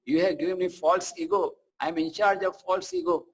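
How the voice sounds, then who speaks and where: A man's voice: sits high, steady tone, brisk, rough recording. A man as a frightened pleading god. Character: frightened god begging a higher lord.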